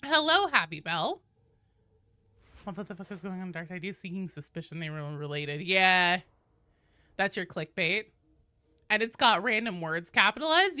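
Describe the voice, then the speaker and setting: Woman game streamer, lively pitch, playful and profane, reads chat aloud. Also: no room sound. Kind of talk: casual live-stream chat while gaming.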